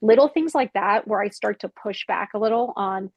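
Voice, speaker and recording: A woman's voice: mid-range voice, moderate pace, a little mellow, dry recording, muffled recording. Frank woman in her fifties, dry sound. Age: 50s. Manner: frank, emphatic, acts out remembered arguments. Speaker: podcast guest. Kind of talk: candid personal storytelling.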